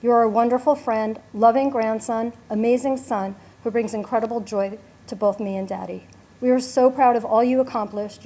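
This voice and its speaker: A woman's voice: fairly high pitch, dark tone. A woman in her forties, a mother reading a prepared, heartfelt speech at her son's bar mitzvah.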